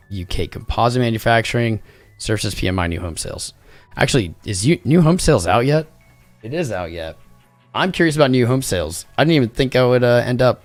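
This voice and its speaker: A man's voice: mid-range voice, no echo. A tired man hosting a livestream, chatting casually in a rambling, jokey way. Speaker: crypto livestream host.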